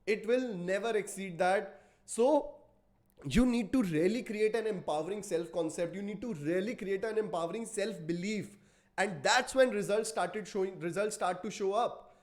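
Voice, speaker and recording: A man's voice: high-pitched, moderate pace. A man hosting a motivational podcast, speaking emphatically, repeating key phrases and putting rhetorical questions to his listeners. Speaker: podcast host. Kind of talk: motivational talk.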